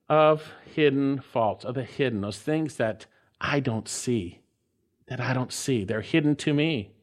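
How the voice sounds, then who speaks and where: Male pastor, sermon delivery, emphatic with drawn-out repetitions, very animated pitch.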